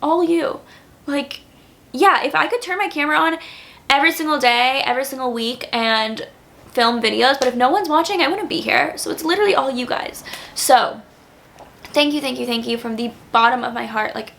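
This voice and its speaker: A woman's voice: high-pitched, normal speed, vocal fry, a bit bright, slight background noise. A young woman in her twenties talking casually to camera as a YouTuber, earnest and grateful, with lots of "like" fillers. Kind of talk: casual vlog talk to camera.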